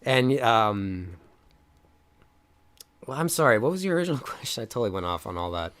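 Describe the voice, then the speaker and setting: A man's voice: medium pitch, big pitch swings, moderate pace, a bit bright. A young man co-hosting a film review podcast, casually retelling scenes with lots of fillers and acted-out lines. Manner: rambling retelling with many fillers, acting out lines. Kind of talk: casual chat.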